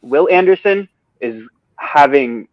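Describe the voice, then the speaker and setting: A man's voice: on the high side, animated, slow, dry recording, highs cut off. A man giving sports betting picks on a podcast, ranting and swearing, then apologizing for it. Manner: ranting, profane, apologetic asides. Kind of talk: casual sports betting talk. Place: a different place than usual.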